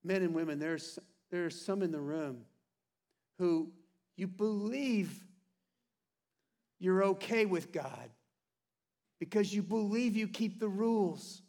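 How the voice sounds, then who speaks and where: High-voiced man preaching a sermon. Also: slow, long pauses. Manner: earnest, animated preaching with playful asides. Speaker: pastor. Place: church sanctuary.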